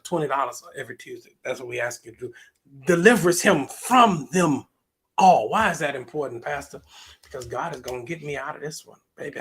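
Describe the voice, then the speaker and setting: With vocal fry and a breathy, slightly bright mid-range voice, a pastor delivers his sermon. He stretches out scripture quotations in sing-song fashion and exchanges back-and-forth asides with the congregation.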